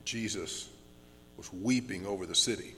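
A man preaching a sermon as pastor, earnest and slowing down on key words, with frequent restarts. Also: sits low, pushed and bright, long reverb tail, slight background noise. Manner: earnest, slows down for emphasis with many restarts.

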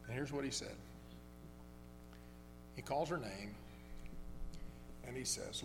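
A man preaching a sermon, telling a story in a conversational, halting way with many restarts. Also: medium pitch, lively intonation, vocal fry. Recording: long hall reverb with faint hum.

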